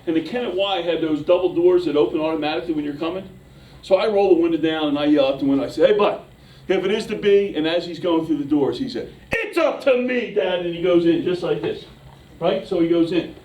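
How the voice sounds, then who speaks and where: A man giving a motivational speech, telling a story with animated energy that builds to shouting at its peaks. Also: on the high side, fast. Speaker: motivational speaker. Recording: echoey room from a distance.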